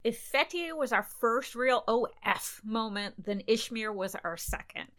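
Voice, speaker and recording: Bright-voiced woman telling travel stories. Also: on the high side, a little slow. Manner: animated, recounts events with quoted dialogue. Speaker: podcast co-host. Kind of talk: casual travel storytelling.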